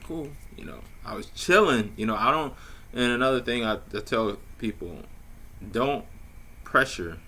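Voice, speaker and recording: A man with a low, bright voice drawls through a casual story at an unhurried pace. He sounds relaxed and slangy, swearing freely and padding his lines with fillers. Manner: laid-back, slangy and profane, many fillers. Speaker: vlogger telling a dating story.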